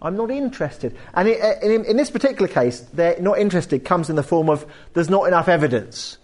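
A man preaching a sermon in a church hall, conversational and animated, explaining with homely asides. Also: high-pitched, brisk. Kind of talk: sermon with anecdotes.

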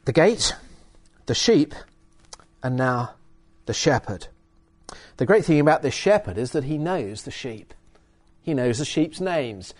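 A man's voice: on the high side, darkish tone. A man preaching a sermon and reading from the Bible, emphatic with hesitant fillers.

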